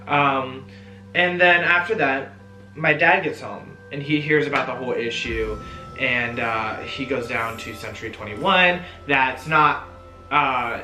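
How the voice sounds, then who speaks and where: Chatty young man telling a bright story. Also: medium pitch. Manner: chatty and animated, heavy on fillers and swearing. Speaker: vlogger. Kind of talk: casual story-time vlog. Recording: roomy echo, faint music.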